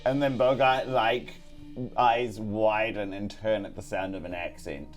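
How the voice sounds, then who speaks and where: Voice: medium pitch, steady tone, unhurried, faint music behind. A player in a tabletop game, wryly narrating what their character does. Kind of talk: tabletop role-play.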